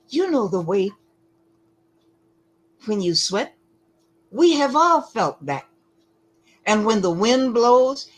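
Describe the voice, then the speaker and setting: A woman giving lecture-style commentary, deliberate and emphatic, often pausing to ask rhetorical questions. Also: mid-range voice, breathy edge, poor audio.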